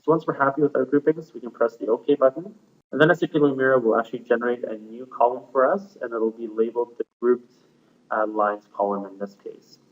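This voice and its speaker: A man walks through a software tutorial one step at a time in a plain, unhurried way, dropping in frequent fillers. His voice sits at an ordinary middle pitch. The audio is thin and tinny, as if it came down a phone line. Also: steady tone. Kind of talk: screencast software walkthrough.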